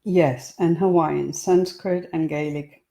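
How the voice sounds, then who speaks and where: A woman voicing a huge, teasing male ex-Navy SEAL who gives calm, short answers. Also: low voice, takes it slowly, gravelly, exaggerated voice. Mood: matter-of-fact.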